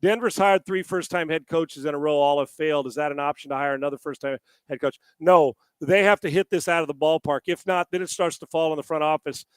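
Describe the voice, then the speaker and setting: A man co-hosting a casual sports talk show, animated and profane, often stammering and restarting his sentences. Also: fairly high pitch, a little fast, few pauses, clean tone, no echo. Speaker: sports analyst co-host.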